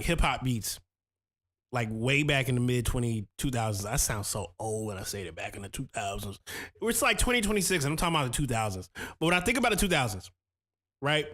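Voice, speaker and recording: A man in his thirties with a mid-range, fairly bright voice talks briskly with lively intonation. Hosting a casual livestream, he reviews viewer beats, reads their comments aloud, and chats about beat-making in loose, slangy terms.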